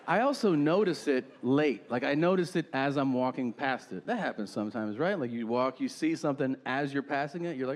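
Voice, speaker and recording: A man's voice: mid-range voice, fairly quick, long reverb tail, slight background noise. Profane stand-up comedian man. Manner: profane, exaggerated storytelling. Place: comedy stage.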